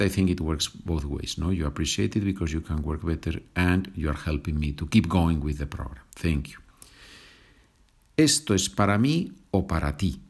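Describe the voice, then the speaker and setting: A low-pitched man with a Spanish accent teaches a language lesson. He speaks slowly and patiently and sets each example sentence apart with care. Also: darkish tone, slightly rough. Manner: slow and patient, switching between English and Spanish example sentences.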